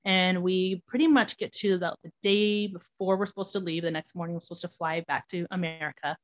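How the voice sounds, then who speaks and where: A woman telling her personal story as an interview guest, animated and full of fillers like "like". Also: fairly low pitch, a little fast, highs cut off. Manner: animated, many fillers such as "like".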